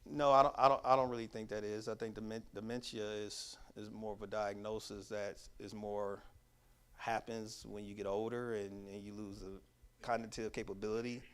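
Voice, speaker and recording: A man presenting a workshop to a church audience, talking in an emphatic, repetitive preaching cadence with casual, conversational grammar. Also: lowish voice. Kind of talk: teaching talk to a church audience.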